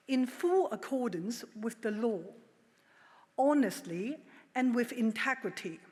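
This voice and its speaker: A middle-aged woman giving a formal prepared speech at a legal ceremony, measured and emphatic with a touch of dry humor. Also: a little high. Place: large ceremonial hall. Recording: long hall reverb.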